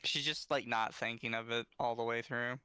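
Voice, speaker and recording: Bright, dry-sounding reaction podcast co-host. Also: mid-range voice, steady tone, moderate pace, clear, resonant tone, no echo. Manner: incredulous, sarcastically mimics others. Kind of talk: reaction commentary.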